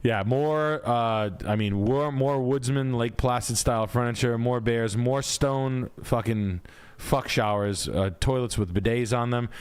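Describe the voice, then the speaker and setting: A man's voice: medium pitch, a little slow, hardly any pauses, smooth. A man hosting a live stream, reviewing house listings with crude, profane jokes and loose, riffing commentary. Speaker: realtor reviewing house listings, show host.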